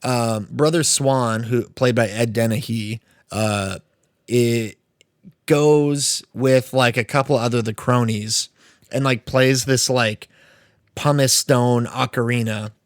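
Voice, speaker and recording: Young man, podcast co-host, rambling casual chat, mid pitch, dry close sound. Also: steady tone, takes it slowly, no room sound. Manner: rambling, filler-heavy, swearing. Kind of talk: casual chat about movies.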